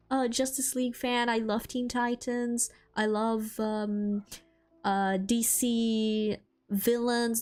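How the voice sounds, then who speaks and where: A woman VTuber streamer chatting casually about games and comics, rambling and animated, with lots of fillers and laughter. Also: fairly high pitch. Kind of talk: casual chat.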